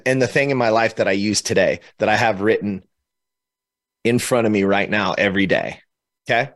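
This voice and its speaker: A man from California telling an emotional personal story as a podcast guest, animated and laughing between phrases. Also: on the low side.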